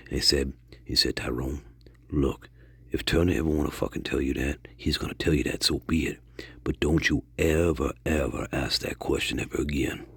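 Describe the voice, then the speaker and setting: Brief: male comic as an old storyteller, deep, husky and gravelly, who rambles and swears while spinning tall tales. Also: no echo, heavily acted. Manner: rambling, profane, digressive, jumps between hushed mutters and loud outbursts. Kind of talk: improvised comedic monologue.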